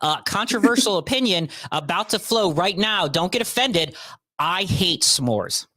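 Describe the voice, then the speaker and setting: A man hosting a podcast in casual chat, joking and ranting emphatically with lively swings in his delivery. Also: high-pitched, a little slow, no echo. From Northeast Ohio. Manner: animated, joking, emphatic rants. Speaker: podcast host.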